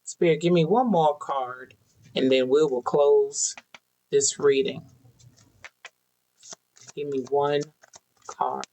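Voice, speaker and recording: A tarot reader talking slowly and deliberately to an unseen audience, pulling oracle cards and drawing lessons from them. The delivery is earnest and preachy, and key phrases come back again and again. The voice sits at an ordinary middle pitch. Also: warm tone, rough recording. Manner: preachy, earnest direct address with repetition. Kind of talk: spiritual oracle card reading addressed to viewers.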